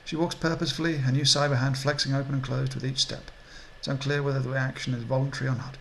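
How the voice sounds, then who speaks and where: Gravelly man reading game text. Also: mid-range voice, level tone, fast talker, slight background noise, low-quality recording. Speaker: let's play host and reader.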